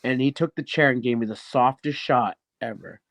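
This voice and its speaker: A man speaking at a mid-range pitch tells stories in an animated, casual way. He swears freely and acts out what others said. His voice sounds dry and close. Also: normal speed, no echo. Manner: animated, swears often, acts out quoted dialogue. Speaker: guest, professional wrestler. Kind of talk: casual storytelling interview.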